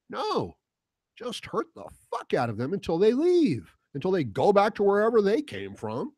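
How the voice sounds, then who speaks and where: A man delivers a heated political monologue in a fairly high voice that leaps around as he gets worked up. He swears and sneers as he mimics the people he is talking about. The recording is dry and close. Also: wildly swooping pitch, normal speed, darkish tone, dry recording. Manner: heated, ranting, profane; mocking quoted voices. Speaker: political commentary host. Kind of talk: casual monologue.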